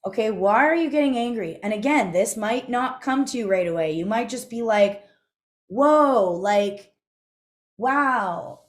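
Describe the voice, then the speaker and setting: A woman's voice: fairly high pitch, lively intonation, fairly quick, few pauses. Chatty young woman teaching a live class. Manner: chatty, conversational, asks the class questions. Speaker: instructor. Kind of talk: casual live online class. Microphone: video call.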